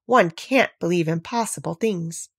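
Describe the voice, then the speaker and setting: A woman reading a storybook aloud, voicing a polite, earnest seven-year-old girl who speaks gently and sometimes plaintively. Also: fairly low pitch, a little slow, slightly rough, no room sound, clean studio sound.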